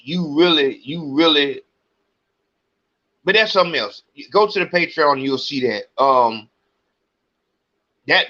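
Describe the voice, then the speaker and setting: Man, podcast host, heated profane rant, forceful tense tone, muffled lo-fi sound. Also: medium pitch. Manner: agitated, profane venting. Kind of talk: ranting monologue.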